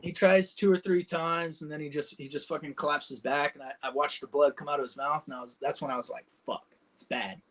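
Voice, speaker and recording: Vet guy telling a war story on a podcast, swears a lot, says dude constantly, voice on the higher side. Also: steady tone, quick pace, hardly any pauses. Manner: profane, vivid war storytelling with lots of "dude" and "man". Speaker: podcast guest, combat veteran. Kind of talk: casual storytelling.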